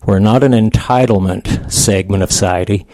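A man's voice: on the low side, normal speed, a little mellow, no room sound. A man in his sixties, a veterans' advocate giving plain-spoken, folksy testimony at a committee hearing.

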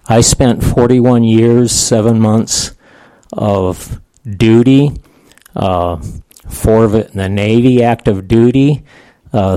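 A man's voice: fairly low pitch, mellow, no echo. A man in his sixties, a veterans' advocate giving plain-spoken, folksy testimony at a committee hearing.

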